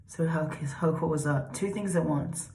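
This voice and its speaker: A woman's voice: sits low, normal speed, dark tone. A woman giving an unedited, casual explainer talk as a self-styled dog and human psychologist, rambling and repeating herself and swearing for emphasis. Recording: roomy echo.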